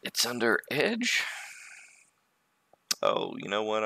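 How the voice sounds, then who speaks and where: A man's voice: deep voice, big pitch swings, slow pace, gravelly, sharp tone, dry recording. A man hosting a livestream, giving casual running commentary on his work on a 3D model and muttering to himself with joking asides, indoors at a computer. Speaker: livestream host.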